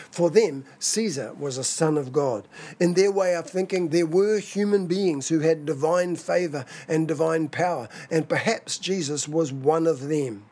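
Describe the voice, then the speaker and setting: A man preaching a sermon in a measured, expository way. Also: fairly high pitch, a little mellow, husky. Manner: measured, expository, dramatizes quoted scripture.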